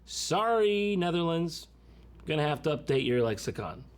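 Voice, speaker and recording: A woman's voice: low-pitched, sing-song, normal speed, heavy background noise. A woman narrating a comedic commentary video in a sarcastic, jokey manner.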